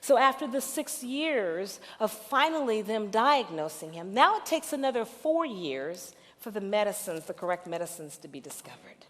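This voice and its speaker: A middle-aged woman pastor preaching a sermon, moving from hushed storytelling to loud, emphatic call-and-response peaks. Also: mid-range voice, animated, normal speed, few pauses. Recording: reverberant hall recording.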